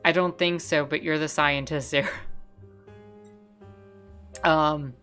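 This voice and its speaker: A young adult woman streamer chatting casually and reading viewer messages aloud, with a giggly, relaxed manner. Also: low-pitched, takes it slowly, soft background music. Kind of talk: casual livestream chat.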